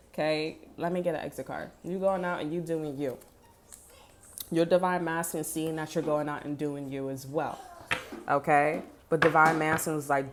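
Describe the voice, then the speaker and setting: A woman with a low voice gives a casual tarot reading straight to the viewer. She is blunt and sassy and swears freely. A faint hiss sits under her voice. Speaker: tarot reader.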